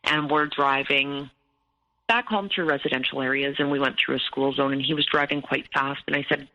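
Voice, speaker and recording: A woman's voice: extremely low pitch, fairly even intonation, moderate pace, pushed and bright, lo-fi sound. A woman recounting a painful personal story in an interview, tense and detailed, often quoting what was said. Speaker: abuse survivor guest.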